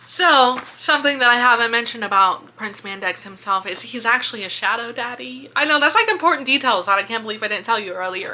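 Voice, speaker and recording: A woman casually retelling a book's plot in a video review, chatty and animated, swearing and filling with "like". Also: fairly high pitch, a little fast, few pauses. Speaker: book reviewer. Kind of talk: casual book-review vlog.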